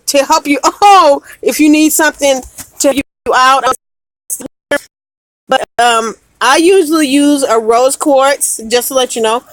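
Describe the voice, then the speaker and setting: A woman with a high, bright-pitched voice speaks straight to a viewer during a live oracle card reading. She repeats herself with emphasis and laughs often. The sound is dry, with no room echo. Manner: emphatic and repetitive, with frequent laughs. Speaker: card reader.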